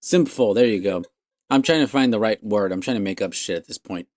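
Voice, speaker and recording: A man's voice: on the low side, a little fast, a little mellow, no room sound, studio quality. A man hosting a podcast, ranting casually with lots of swearing and exasperated laughs. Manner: profane, exasperated, laughs mid-sentence. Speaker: podcast host.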